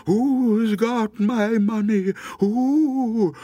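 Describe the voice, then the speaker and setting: A man voicing the ghost of a dead woman, crying out in a high, drawn-out wail. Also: warm tone, dry recording, exaggerated voice. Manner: high, drawn-out wailing cry. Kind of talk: storytelling.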